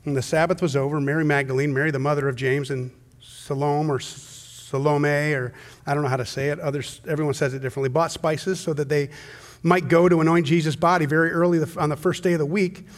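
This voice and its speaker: A male pastor preaching a sermon, swinging from hushed, slow storytelling to loud, intense emphasis. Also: a little high, fairly even intonation. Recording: long hall reverb.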